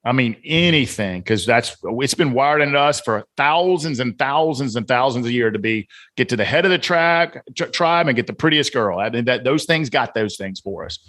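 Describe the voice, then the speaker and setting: An earnest man from Atlanta, a guest on a podcast. He makes his points firmly and emphatically, like a coach giving a short lecture, and his pitch stays in the middle range. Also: lively intonation, moderate pace, few pauses, a bit bright. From Atlanta, Georgia, US. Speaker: guest, author and leadership coach. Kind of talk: casual podcast conversation.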